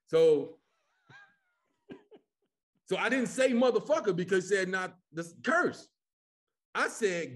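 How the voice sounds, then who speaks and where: A man from Chicago, a comedian guest, telling stories in casual podcast chat, animated and full of cursing. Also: sits high, normal speed. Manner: animated, profane storytelling.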